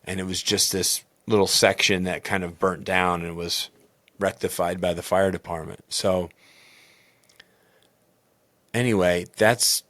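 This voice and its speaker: A man, a baseball coach and podcast host, talking candidly and in a rambling, self-critical way in a loud booming voice. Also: fairly even intonation, measured pace, long pauses, no room sound. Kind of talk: personal reflective podcast talk.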